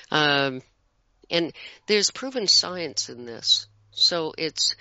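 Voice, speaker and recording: A middle-aged guest chatting in a bright, forceful voice that carries plenty of spoken examples. The sound is dry and close, with a dull lo-fi quality. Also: medium pitch, no echo. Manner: animated, explains with spoken examples. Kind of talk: casual conversation. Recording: dull lo-fi audio.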